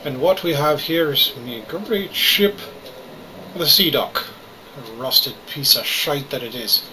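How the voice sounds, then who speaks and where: Canadian gamer faking an Irish lilt, bright, tense tone, self-mocking play-by-play. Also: male voice, medium pitch, lively intonation, slow, slight background noise, low-quality recording. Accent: put-on Irish. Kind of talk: gameplay commentary.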